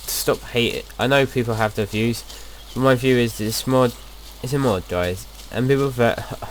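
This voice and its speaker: A man's voice: mid-range voice, moderate pace, slight background noise. A young man casually talking through his gameplay as a video host, rambling and chatty, often restarting his sentences.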